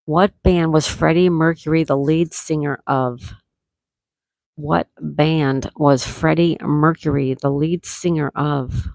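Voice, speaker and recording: A woman hosting a live-stream trivia game, reading viewers' answers aloud and repeating each question slowly. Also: low voice, fairly even intonation, vocal fry, darkish tone, dry recording. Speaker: trivia host.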